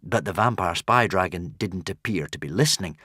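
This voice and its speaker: A man reading a children's adventure audiobook with lively, dramatic expression and playful asides to the listener. His pitch rises and falls a great deal, and the recording is dry and close. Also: a little fast, no room sound. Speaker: audiobook narrator. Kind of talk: expressive storybook narration.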